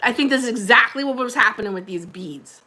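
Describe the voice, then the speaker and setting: A woman's voice: fairly high pitch, animated, fast, sharp tone. A woman hosting a casual livestream, chatting with viewers in a rambling way and laughing often. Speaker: livestream host.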